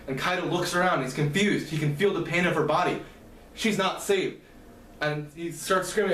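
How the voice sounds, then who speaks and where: A man retelling the plot of a novel in a halting, casual way, often correcting himself. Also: a little high, fairly bright tone. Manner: halting, frequent fillers and self-corrections. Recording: echoey room, mic at a distance, faint hum.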